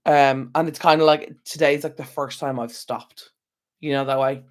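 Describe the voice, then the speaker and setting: Tired and yawning, an Irish channel host rambles through a laid-back home live stream, addressing his viewers directly via an external mic. His voice sits at medium pitch, with a steady tone and normal speed.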